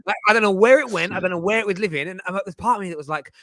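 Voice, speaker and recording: A man's voice: high-pitched, very fast, pushed and bright. A man, co-hosting a casual podcast chat and rambling through anecdotes with restarts and slang. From England. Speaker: co-host.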